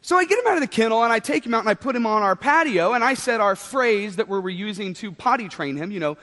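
A man's voice: high voice, lively intonation, fast, few pauses, a bit bright. A man in his thirties preaching a sermon, telling a story with playful asides. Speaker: pastor. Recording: long hall reverb.

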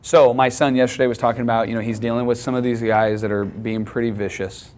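A man's voice: level tone, fast, a little mellow, a little hiss or hum. A middle-aged man, a pastor, teaching a sermon in a conversational way, pushing his voice up on key lines. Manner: conversational, emphatic preaching with rising pitch on key lines.

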